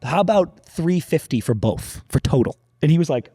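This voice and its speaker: Casting: slightly high-voiced male podcast co-host, hungover, profane rambling storyteller, dry close mic. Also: lively intonation, normal speed, warm tone, slightly rough, no echo. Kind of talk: casual storytelling banter.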